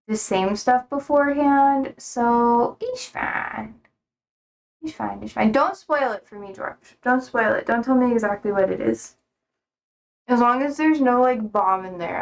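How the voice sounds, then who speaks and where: A young woman live streaming from home, chatting casually in a rambling, easygoing way, swearing offhandedly and laughing easily. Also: on the high side.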